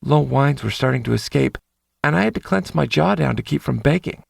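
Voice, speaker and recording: A man's voice: medium pitch, lively intonation, a little fast, gravelly, no echo, studio quality. A man narrating a first-person romance audiobook in an intimate inner-monologue manner.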